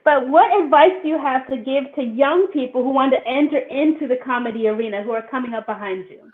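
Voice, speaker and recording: A woman's voice: high-pitched, fast, slight background noise. A woman interviewing a guest in a casual chat, laughing readily. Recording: tinny phone-like line.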